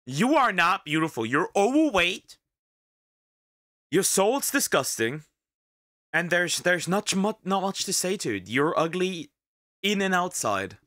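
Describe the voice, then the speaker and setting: A man's voice: sits high, big pitch swings, measured pace, long pauses, sharp tone, no room sound, clean studio sound. A young man reacting to a video in casual commentary, rambling and sarcastic, with lots of fillers and restarts.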